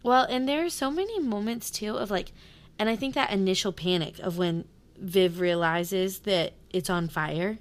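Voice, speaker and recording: A woman with a mid-range voice talks animatedly as a podcast co-host. She fills her sentences with "like" and swears now and then. She sounds warmly excited in casual chat. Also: mid-range voice, moderate pace. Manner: animated, swears, many fillers.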